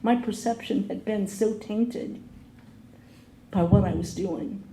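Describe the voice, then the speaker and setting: Taking her time, a woman with a medium-pitched, dark voice addresses an AA meeting with her personal recovery story. She's earnest and voices the people she quotes, and the hall sounds echoey with faint noise.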